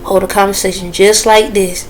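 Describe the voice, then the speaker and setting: A woman talking straight to her viewers in a casual, earnest and preachy way, with relaxed dialect grammar. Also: mid-range voice, a little hiss or hum, rough recording. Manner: dialect grammar, drawn-out phrasing. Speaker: vlogger. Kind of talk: casual direct-to-camera talk.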